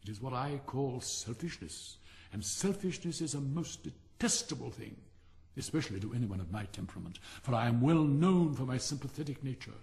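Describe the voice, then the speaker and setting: A conceited storybook firework rocket holds forth in a haughty, lecturing tone, as an older man reads it aloud. The voice rides up and down with lively, theatrical pitch, and the reading sits in a long, reverberant hall sound. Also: normal speed, gravelly. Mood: pompous. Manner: haughty, self-important, lecturing. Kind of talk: audiobook character reading.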